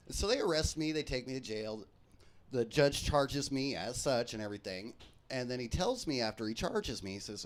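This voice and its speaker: A man tells comic stories on his live stream, lively and full of swearing. His pitch climbs and falls a lot as he acts out each scene. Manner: profane, animated, quick jokes. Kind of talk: comedic storytelling.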